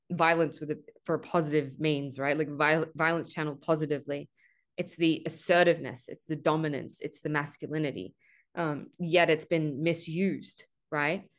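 Low-voiced woman giving an earnest spiritual talk. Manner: earnest, repeats "right?" often, swears for emphasis. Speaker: podcast host. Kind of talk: spiritual monologue.

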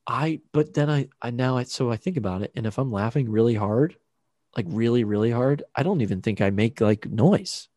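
A young man co-hosts a casual podcast, his pitch bouncing lively up and down. He rambles, cuts himself off and swears now and then. The sound is close and dry. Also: brisk, no room sound. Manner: rambling, self-interrupting, swearing. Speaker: podcast co-host. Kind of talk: casual chat. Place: home room with roommate nearby.

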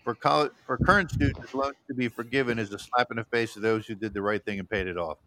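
Bright-voiced man reading comments. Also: medium pitch, fast, slight background noise. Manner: calm, reads comments aloud. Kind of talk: casual chat.

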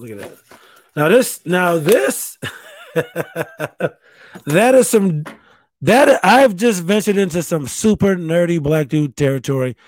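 A man's voice: on the high side, a little mellow, no room sound. Give me a self-mocking man in his thirties, casually chatting on a podcast, recorded dry. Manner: rambling, profane, self-mocking. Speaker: podcast host. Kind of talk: casual solo podcast chat. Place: spare bedroom at home.

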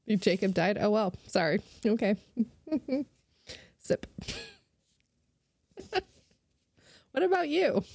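A woman's voice: a little high, very animated, extremely slow, pauses often, a little mellow, breathy edge, no echo. A young adult woman, a podcast guest, ranting sarcastically and animatedly in casual chat.

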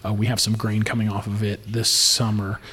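A man's voice: fairly low pitch, monotone, a little fast, bright, forceful tone, slightly rough, big-room sound. A man telling stories in casual podcast chat, rambling with fillers and laughing often. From Indiana. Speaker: distiller. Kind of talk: casual storytelling.

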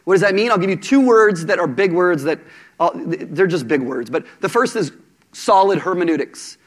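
A man with a notably high speaking voice delivers a sermon to a live congregation. He talks in a casual, animated way and often slips in humor and asides. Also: normal speed. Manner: animated, conversational preaching with humor. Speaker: preacher.

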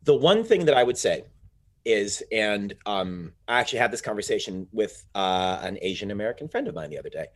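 A man co-hosting a casual podcast chat, talking in animated, rambling asides and swearing freely. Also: on the low side, a little fast. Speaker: podcast co-host.

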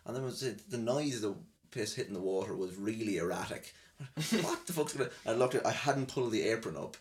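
A man's voice: fairly low pitch, lively intonation, fairly quick. A young Irish man hosting a podcast, rambling through funny anecdotes from his job, laughing at himself and mimicking the people involved. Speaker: podcast host. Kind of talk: comic storytelling chat.

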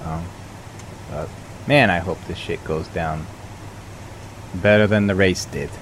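A man playing a tabletop role-playing game, relaxed and offhand. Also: deep voice, slow pace, slight background noise. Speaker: player.

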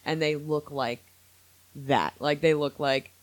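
A man hosting a podcast in casual chat, opinionated and animated, quick to laugh. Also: on the high side. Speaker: podcast host.

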